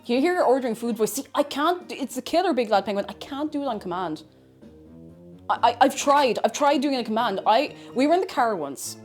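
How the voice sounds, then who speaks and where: With soft music playing behind her, a streamer with an Irish accent talks a little fast in a slightly high, expressive voice. She chats away as she cooks, wandering between topics and interrupting herself.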